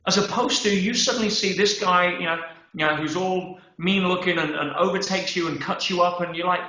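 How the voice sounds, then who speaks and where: A man's voice: sits high, a little fast, few pauses, slight background noise. A male guest on a conversational interview, talking emphatically and often checking in with "yeah?" and "right?". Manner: emphatic, animated storytelling with acted-out quotes; peppers speech with "yeah?" and "right?". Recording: roomy, dull podcast audio.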